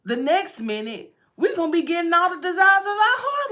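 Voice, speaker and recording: A woman's voice: very high voice, very animated, normal speed, few pauses, pushed and bright. A woman giving a casual tarot reading, chatty and repetitive, often breaking into laughs. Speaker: tarot reader.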